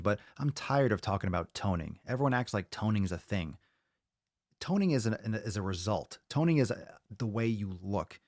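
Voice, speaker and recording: A man's voice: lowish voice, darkish tone, dry recording, studio quality. Blunt, cursing male podcast host. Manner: blunt, profane, ranting. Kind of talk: casual podcast chat.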